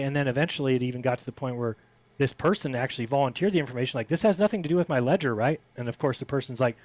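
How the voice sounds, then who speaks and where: A man talking on a podcast at a brisk clip, casual and conversational. He jumps into the voices of the people he quotes, pitching up for their lines. The sound is dry and close. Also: no echo. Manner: animated, acts out quoted people with raised voice. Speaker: podcast guest. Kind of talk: casual storytelling interview.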